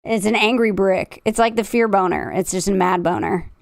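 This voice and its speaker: A woman's voice: medium pitch, steady tone, normal speed, no room sound, clean studio sound. A woman streamer chatting casually through a reaction stream, teasing and crude, laughing often.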